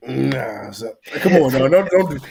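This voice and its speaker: A man's voice: medium pitch, animated, measured pace, gravelly, a little mellow, slightly rough. A man with a cold, bantering and laughing with friends, often saying "you know what I mean". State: sick. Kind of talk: casual banter.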